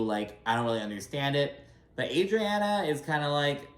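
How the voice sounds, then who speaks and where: A man talks through a reality TV episode in casual recap mode, blunt and profane, packed with fillers. His voice sits at an ordinary middle pitch. The room around him is noticeably echoey. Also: normal speed. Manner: chatty and blunt, heavy filler and profanity, acts out cast members in quotes.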